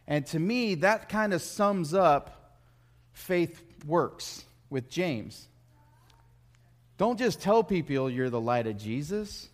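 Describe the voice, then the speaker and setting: Chatty male preacher, fairly high voice. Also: lively intonation, slow pace. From United States. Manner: conversational, joking asides, repeats words when starting. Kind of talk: sermon with personal stories.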